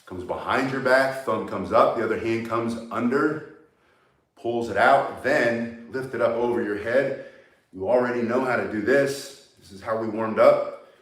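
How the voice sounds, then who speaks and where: A breathless male instructor talks through each move while swinging a heavy staff. His voice sits at a middle pitch and rings in an echoey room. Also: measured pace. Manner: coaching, talks while moving. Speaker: martial arts instructor. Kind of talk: demonstration tutorial.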